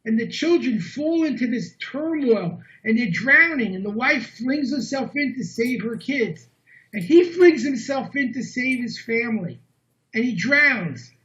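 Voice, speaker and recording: A man giving a talk as guest speaker, telling a story in an earnest, animated way over dull lo-fi online meeting audio. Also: very high voice, a little slow.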